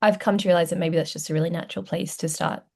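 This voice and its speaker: A woman's voice: lowish voice, steady tone, fast talker, vocal fry, a little mellow. A woman with an Australian accent, an actor and writer guesting on a podcast, talking in a reflective, considered way. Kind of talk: casual podcast interview.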